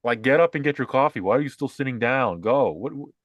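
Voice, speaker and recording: A young adult man co-hosts a casual political podcast, rambling sarcastically with lots of "like" and other fillers. His medium-pitched voice is animated and quick, and the recording is dry.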